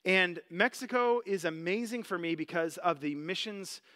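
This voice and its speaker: A pastor delivers a sermon in an easygoing, earnest tone, with filler words scattered through his speech. His voice sits high and sounds bright. The sound rings with a long reverb, as if recorded in a large church hall. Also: moderate pace. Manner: conversational, earnest, many "like" fillers.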